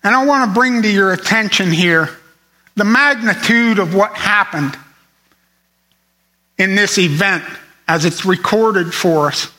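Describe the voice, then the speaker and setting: A man's voice: high-pitched, measured pace, pauses often, pushed and bright, rough recording. A man preaching a sermon to his congregation, earnest and emphatic, repeating phrases for stress.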